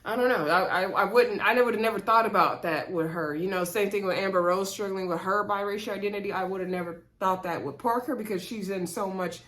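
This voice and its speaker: A woman's voice: medium pitch, a little fast, hardly any pauses, a bit bright. A woman in her thirties casually recapping a reality show, gossipy, with laughing asides and lots of fillers. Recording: echoey room.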